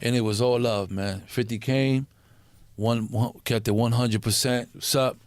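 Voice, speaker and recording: An unhurried man with a mid-range voice and no room sound tells stories as a guest in a casual interview. He curses freely, keeps things animated and streetwise, and voices the people in his stories himself.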